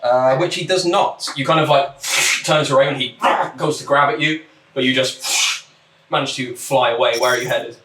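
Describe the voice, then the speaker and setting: A man running a tabletop game as game master, narrating in a relaxed way with many ums and uhs. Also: mid-range voice, moderate pace. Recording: echoey room, distant mic, faint noise.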